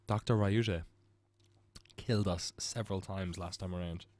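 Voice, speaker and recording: A man's voice: sits low, fairly even intonation, measured pace, slight background noise. A man hosting a casual let's play, joking irreverently and reading scenes aloud. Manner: joking, irreverent, laughs often. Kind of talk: casual gameplay commentary.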